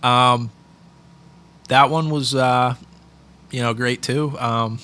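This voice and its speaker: A man's voice: mid-range voice, fairly even intonation, takes it slowly, bright, forceful tone. A man in his thirties from Pittsburgh, a podcast guest telling stories in an easygoing, filler-heavy way. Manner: easygoing storytelling with many fillers. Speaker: podcast guest, hockey equipment staff. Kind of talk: casual podcast interview.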